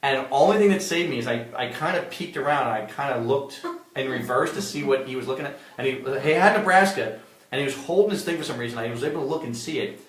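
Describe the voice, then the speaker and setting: Fast-talking man telling a story. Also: medium pitch, recorded from a distance. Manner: animated storyteller, quick laughs. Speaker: comedian and co-host. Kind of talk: casual podcast chat, storytelling. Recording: roomy, off-mic sound.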